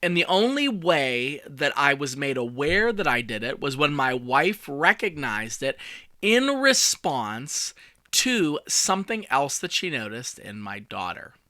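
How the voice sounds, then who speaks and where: Bright, chatty male podcast host. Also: on the high side, big pitch swings, unhurried, no room sound. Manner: chatty, storytelling, self-deprecating asides. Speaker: communication coach and podcast host. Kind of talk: casual solo podcast talk.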